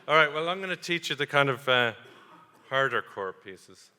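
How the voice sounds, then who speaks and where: Man, Dublin accent, co-host, comic banter, bright voice, reverberant hall. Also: mid-range voice, animated, normal speed, smooth. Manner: joking, teasing the audience. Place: hotel conference hall.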